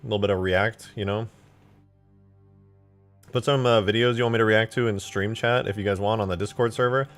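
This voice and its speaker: A man live-streaming, chatting casually and excitedly with his viewers while eating and reacting to videos. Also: fairly low pitch, a little fast, pauses often, soft background music. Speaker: livestreamer reacting to game mod videos.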